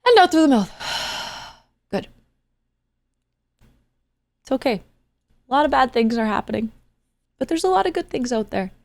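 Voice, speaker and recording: A woman's voice: fairly high pitch, creaky, a little mellow, no echo. A woman streamer talking earnestly and casually to her chat, rambling and soothing with the odd joke.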